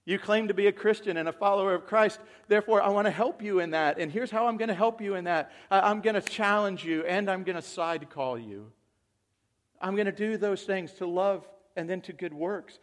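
A man preaching a sermon, moving from quiet, reflective talk to loud, excited calls to the congregation. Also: high voice. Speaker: pastor.

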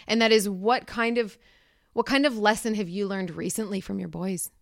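A woman's voice: medium pitch, fairly even intonation, moderate pace, gravelly, no echo, studio quality. Affirming woman hosting an interview. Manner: affirming, frequent soft backchannels. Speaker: podcast host. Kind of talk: casual interview conversation.

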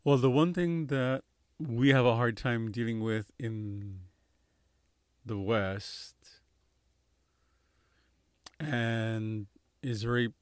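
A man, a priest, calmly explaining theology in a podcast discussion, plain and measured with brief affirmations. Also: on the low side, dry recording, studio quality.

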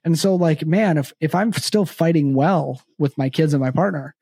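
Earnest man, mellow dry voice. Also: a little high, creaky, husky, dry recording. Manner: halting, many restarts, earnest. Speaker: podcast host. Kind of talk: casual podcast conversation.

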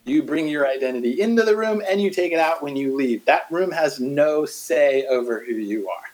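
A middle-aged man in a casual faith conversation, animated, acting out quotes as he tells stories. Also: a little high, moderate pace, rough recording.

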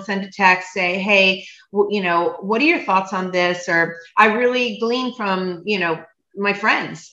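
Chatty woman, bright voice in a roomy space. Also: mid-range voice. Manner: chatty, many fillers and restarts. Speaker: guest, cooking event business owner. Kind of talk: casual podcast interview. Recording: roomy, dull lo-fi sound.

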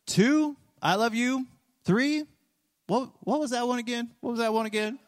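A man's voice: very high voice, normal speed, clean studio sound, voice pushed up. A man imitating a cheerful, forgetful three-year-old boy who counts in a chirpy, sing-song voice. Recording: long reverb of a large hall.

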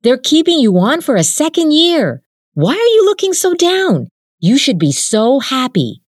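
A woman's voice: high voice, unhurried, dry recording, clean studio sound, pitched above the performer's own voice, full character voice. A woman voicing an eager, supportive young male student in a storybook reading. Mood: excited. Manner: excited, warm encouragement.

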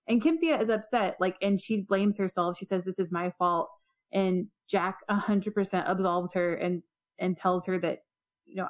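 A woman co-hosting a podcast, discussing an episode with lively, joking asides. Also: mid-range voice. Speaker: podcast co-host.

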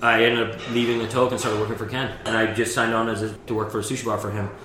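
A middle-aged man who runs a sake program and used to be a chef, telling animated stories in a casual interview, laughing often and restarting his sentences. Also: fairly low pitch, quick pace, noisy background. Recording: roomy echo with faint ambience.

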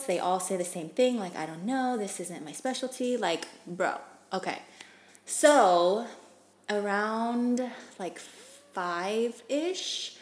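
A young woman talking straight to her camera in a casual vlog. She tells her story frankly and chattily, with lots of fillers, a casual swear here and there, and a mid-range voice. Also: medium pitch. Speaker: vlogger.

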